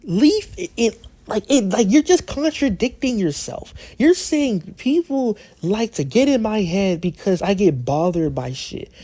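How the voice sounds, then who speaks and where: A man's voice: sits high, sing-song, unhurried, mellow, no echo. Heated, profane male YouTuber ranting. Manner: heated, profane, with many restarts. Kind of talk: ranting commentary.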